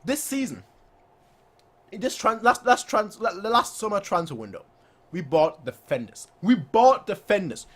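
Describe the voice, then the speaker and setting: A young man hosting a fan channel, chatting excitedly after a match, boastful and repeating himself for effect. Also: sits high, a little slow. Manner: animated, boastful, repeats phrases, acts out players' voices.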